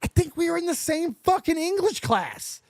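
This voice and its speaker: This livestream host is a Las Vegas man in his forties with a very high voice and a moderate pace. Telling his story casually, he curses a lot and voices every side of the conversation with animation. The sound is studio quality with no echo.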